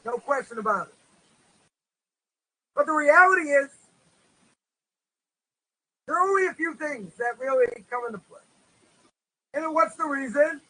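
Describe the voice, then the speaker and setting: A man's voice: very high voice, animated, a little slow, long pauses, bright, forceful tone, poor audio. A man teaching a religious course as a rabbi, in a casual lecture style full of "you know" fillers, who tells stories and acts out their voices. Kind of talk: informal lecture. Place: Israel.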